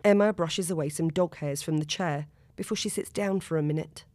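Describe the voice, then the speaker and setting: Brief: female narrator, steady expressive reading, low voice, dry booth. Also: brisk, dry recording. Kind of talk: audiobook narration.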